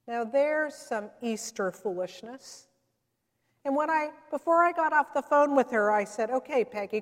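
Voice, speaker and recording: A woman pastor delivers an Easter sermon in a high, bright register. She tells her stories by acting out the people in them. Her voice carries a long reverb through the church sanctuary. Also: animated, moderate pace. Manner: storytelling, quoting others in changed voices.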